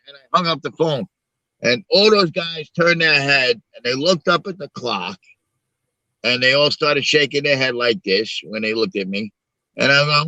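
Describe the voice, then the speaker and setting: Loud bright new guy, swears a lot, talks blunt, dry close sound. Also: mid-range voice, normal speed, no echo. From Long Island, New York. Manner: profane, storytelling, blunt. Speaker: show host. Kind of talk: casual live-stream talk.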